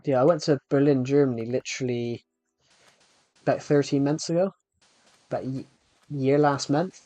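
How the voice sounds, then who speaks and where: A man's voice: medium pitch, fairly even intonation, moderate pace, mellow, no room sound. A man streaming live, chatting in a rambling, casual way and talking straight to his viewers. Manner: rambling, addresses viewers directly. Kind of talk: casual live-stream chat while gaming.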